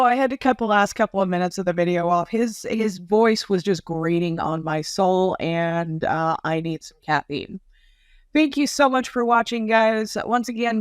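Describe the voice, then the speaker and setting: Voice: medium pitch, normal speed, clear, resonant tone, no echo, studio quality. A channel host giving mocking reaction commentary over a clip. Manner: scornful, mocking.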